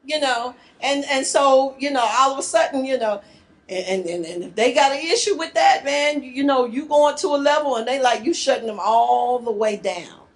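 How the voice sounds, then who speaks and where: A middle-aged woman from the northern US gives a marriage workshop talk to a live group, lively and joking in casual speech. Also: sits high, normal speed. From northern United States.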